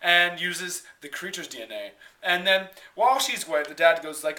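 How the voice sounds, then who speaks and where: A man's voice: high voice, expressive, normal speed, sharp tone. A man retelling a movie plot in a casual, rambling way, full of fillers, bursting into laughs and acting out the characters' lines. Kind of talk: casual dramatic movie recap.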